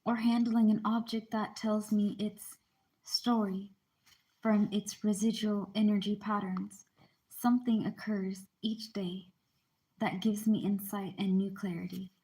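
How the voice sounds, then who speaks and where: A woman's voice: mid-range voice, level tone, unhurried, warm tone. A woman reading a book aloud in a casual, chatty way, stopping now and then to explain terms and apologize. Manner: informal, breaks off to explain and apologize.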